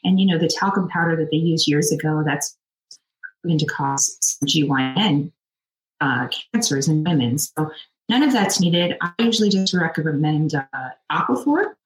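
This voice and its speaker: A woman's voice: deep voice, lively intonation, moderate pace, reverberant, rough recording. A woman dermatologist giving practical skin-care advice in an interview. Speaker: dermatologist guest. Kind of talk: expert interview answers.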